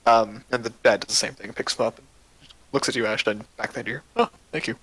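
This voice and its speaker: A man narrating a tabletop game as game master, in a loose, halting way with many fillers. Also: lowish voice, flat delivery, fairly bright tone, low-quality recording.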